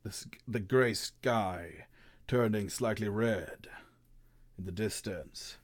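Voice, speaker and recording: A man narrating as game master, talking slowly with many halting restarts and laughs. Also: fairly low pitch. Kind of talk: narrating a tabletop game over voice chat.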